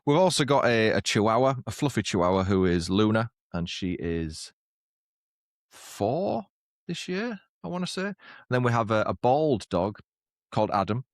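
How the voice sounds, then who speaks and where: A man's voice: lowish voice, lively intonation, moderate pace, dry recording, studio quality. A man co-hosting a podcast in casual chat, who often laughs at his own jokes. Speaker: podcast co-host. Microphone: lapel mic on walks, studio mic here.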